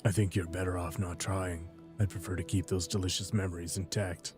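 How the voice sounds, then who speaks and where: A man's voice: flat delivery, fairly quick, music in the background, natural voice. A man voicing a grim, weary adult warrior hero who speaks curtly and dryly. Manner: low, quiet, dry and curt.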